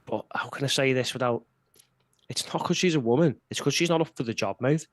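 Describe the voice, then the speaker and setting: A man's voice: medium pitch, a little fast, no room sound. Blunt ranting man. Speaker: podcast co-host. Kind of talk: casual political chat.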